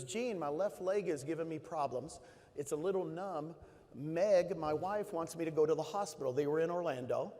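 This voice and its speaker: A middle-aged man with a slightly high voice tells stories from a conference stage. He speaks with emphasis and repeats his key phrases. A long hall reverb trails behind his words. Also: warm tone. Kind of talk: motivational stage talk.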